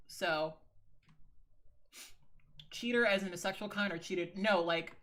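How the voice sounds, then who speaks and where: A woman's voice: mid-range voice, slow, long pauses, a bit bright. A woman in a casual livestream, chatting frankly with viewers, swearing freely and calling them girl and sis. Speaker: livestreaming video creator.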